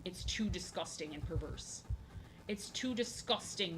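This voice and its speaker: A young woman streaming as she draws, chatting casually and rambling, often repeating herself and filling pauses with "um" and "like". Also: on the low side, background noise. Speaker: art streamer. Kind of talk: casual chat while drawing on stream.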